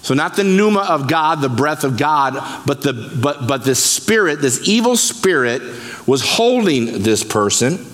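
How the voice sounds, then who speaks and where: Pastor guy preaching hard, kinda high voice, big church hall echo. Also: unhurried. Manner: animated preaching, breaks scripture down word by word. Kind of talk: sermon. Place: church sanctuary. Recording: long reverb of a church hall.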